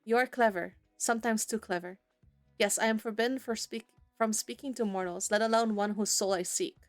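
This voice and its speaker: A woman's voice: medium pitch, fairly even intonation, a little fast, dry recording, soft background music, close to an everyday voice. A woman voicing an aloof male Grim Reaper who speaks in stiff, formal sentences. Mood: cool.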